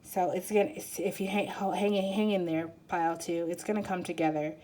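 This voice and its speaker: A woman giving an intuitive card reading, rambling and halting with many fillers and growing emotional as she talks. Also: lowish voice, fairly even intonation, mellow. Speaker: tarot reader. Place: quiet room at home.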